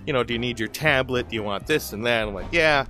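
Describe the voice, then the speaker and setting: Playing a game, this male gaming host rambles through a long personal story, laughing a lot and restarting sentences as he chats casually. He speaks quickly in a mid-range, sharp-toned voice while faint music plays behind him.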